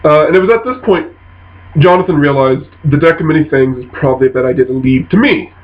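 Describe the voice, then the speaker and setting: A man casually telling a funny story from a tabletop game session, jumping into quoted voices with animated bursts. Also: a little high, quick pace. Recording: dull lo-fi sound.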